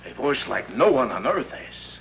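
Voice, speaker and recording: An actor playing a gentle, devout shoemaker in an old film, earnest and pleading. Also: male voice, mid-range voice, sing-song, normal speed, gravelly, lo-fi sound, slight background noise. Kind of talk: 1950s film acting.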